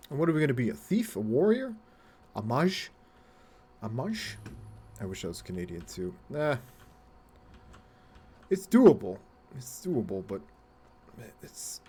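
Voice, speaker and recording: A man's voice: medium pitch, darkish tone, slight background noise. A man chatting casually while live-streaming a game, rambling, swearing freely and laughing often as he talks to his viewers.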